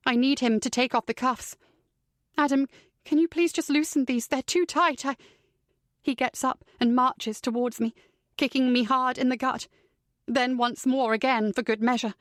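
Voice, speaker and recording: A woman's voice: on the high side, dry recording, clean studio sound. A woman narrating a first-person psychological thriller audiobook in a tense, dramatic way.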